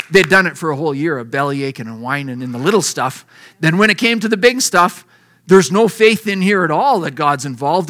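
A man's voice: sits high, expressive, brisk, bright, forceful tone. A middle-aged man preaching a folksy sermon, reading scripture aloud and acting out the lines. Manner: folksy and conversational. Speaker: pastor.

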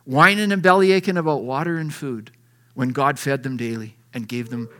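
A man's voice: medium pitch, moderate pace, sharp tone. A middle-aged man preaching a folksy sermon, reading scripture aloud and acting out the lines. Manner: folksy and conversational. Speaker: pastor.

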